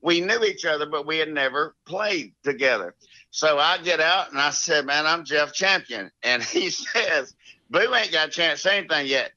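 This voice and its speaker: Middle-aged Southern man, Alabama drawl, animated storyteller, forceful bright tone, dry muffled audio. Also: a little high, normal speed, no room sound. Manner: rambling, animated, drawling with frequent laughs and restarts. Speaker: guest, former mini-tour golfer. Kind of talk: casual storytelling.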